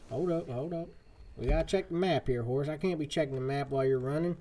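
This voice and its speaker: A young gaming streamer casually comments on his live game, joking in a put-on folksy cowboy drawl. He talks fast in a fairly high, mellow voice, with a little hiss or hum and game music playing underneath.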